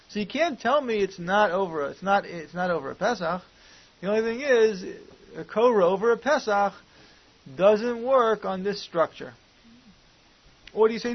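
A high-voiced man with lively intonation and a moderate pace teaches Talmud, posing questions and working through the reasoning aloud with Hebrew and Aramaic terms. The recording is muffled and lo-fi, with faint hiss.

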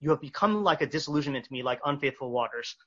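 A man teaching a text study class, reading verses slowly and explaining them with many fillers and restarts. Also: medium pitch, lively intonation, a bit bright, breathy edge. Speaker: Torah teacher. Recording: dull lo-fi recording.

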